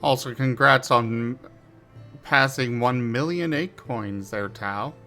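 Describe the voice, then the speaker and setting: Bright-voiced man at a tabletop game. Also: medium pitch, slow pace, soft background music. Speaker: player. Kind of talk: casual tabletop game chat.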